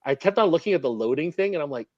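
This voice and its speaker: A man's voice: a little high, expressive, racing, a little mellow, no echo, highs cut off. A man from Canada, a guest in a casual interview, talking animatedly with lots of fillers. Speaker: interview guest, model builder.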